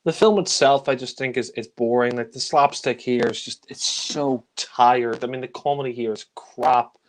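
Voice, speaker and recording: A man's voice: mid-range voice, moderate pace. A man giving a casual spoken film review, blunt and critical, with frequent sighs and filler words.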